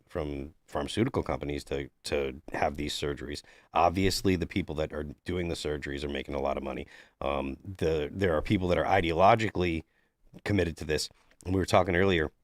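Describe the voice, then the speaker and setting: A man's voice: a bass voice, dry recording, studio quality. A man co-hosting a casual panel discussion, talking earnestly with frequent restarts. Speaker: podcast co-host.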